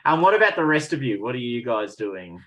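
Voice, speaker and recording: A man running a tabletop game as game master, relaxed and chatty, with frequent ums. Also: mid-range voice, brisk, poor audio.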